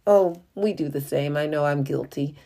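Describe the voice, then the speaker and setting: Low-voiced, mellow woman teaching Bible study. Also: moderate pace, vocal fry. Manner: reads scripture aloud then explains it in a conversational way; frequent "uh" and "you know" fillers.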